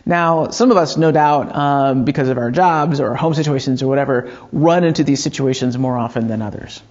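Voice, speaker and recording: A man delivers a sermon in an easygoing, conversational way. He stumbles over fillers and restarts as he tells a story. His voice sits at an ordinary pitch, and the recording sounds slightly dull and lo-fi. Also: brisk, darkish tone. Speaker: pastor.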